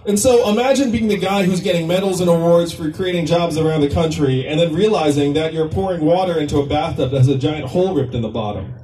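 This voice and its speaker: Man, presidential candidate, rally speech, joking, conversational, high-pitched, distant mic. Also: fast talker, few pauses, warm tone, roomy sound, slight background noise. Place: political rally venue.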